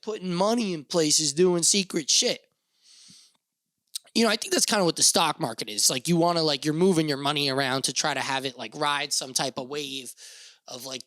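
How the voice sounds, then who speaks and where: A man's voice: fairly high pitch, a bit bright, no echo. A young man hosting a solo podcast, rambling casually with lots of fillers and swearing. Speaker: podcast host.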